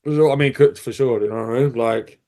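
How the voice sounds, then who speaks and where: A man's voice: mid-range voice, quick pace, dark tone. A man, a band's singer, talking casually in an interview with lots of filler words. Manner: rambling, full of filler words, laughs often. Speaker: band vocalist, guest.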